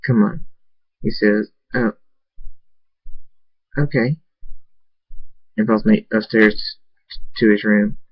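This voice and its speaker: A man's voice: lowish voice, monotone, normal speed, gravelly, pauses often, no room sound, dull audio. A man reading a fan story aloud, stumbling and restarting words often. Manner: hesitant reading with frequent restarts. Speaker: narrator.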